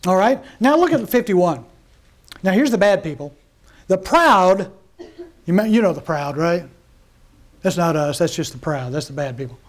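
A man preaching a sermon in a conversational way, often asking his congregation questions and quickly acting out the voices of mockers. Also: high voice, animated. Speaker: pastor.

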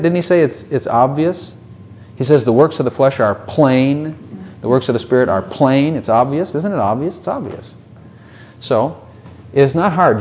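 A man's voice: medium pitch, darkish tone, slight background noise. A man preaching a sermon in a conversational way, with many rhetorical questions and short mocking voices.

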